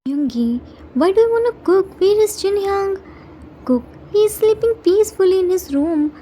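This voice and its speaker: A woman voicing a gruff, drowsy grumpy young man. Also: extremely high pitch, lively intonation, normal speed, warm tone, slight background noise. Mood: sleepy gruff. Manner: gruff and drowsy, then coaxing. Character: sleepy grumpy young man, doting older brother figure.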